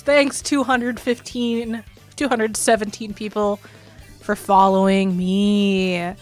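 A woman's voice: mid-range voice, little pitch movement, soft background music. A woman streamer chatting casually and rambling, laughing easily and talking straight to her viewers. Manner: chatty, rambling, quick laughs, addresses chat. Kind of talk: casual live-stream chat.

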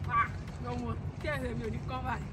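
A woman's voice: a little high, steady tone, moderate pace. Chatty Nigerian woman vlogging. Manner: chatty, mixes in Nigerian Pidgin phrases. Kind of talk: casual vlog chat to camera.

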